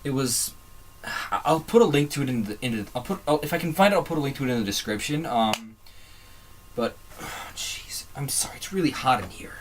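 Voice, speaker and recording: A man's voice: mid-range voice, animated, fairly quick, a little hiss or hum. A man hosting a casual fan commentary video, rambling and digressive, often trailing off and restarting his sentences. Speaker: video host.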